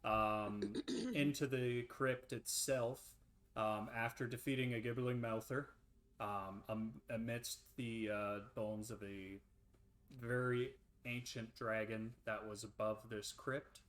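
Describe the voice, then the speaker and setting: Taking it slowly in a mid-range voice, a man describes and narrates scenes as the game master of a tabletop RPG, staying relaxed and often saying um and uh.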